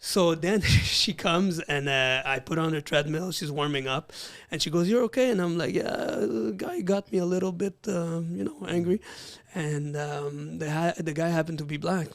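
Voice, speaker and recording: A man's voice: on the high side, fairly even intonation, normal speed, hardly any pauses, a bit bright. Blunt, swearing man. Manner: heavy swearing, blunt storytelling. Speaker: podcast host. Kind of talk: casual storytelling chat.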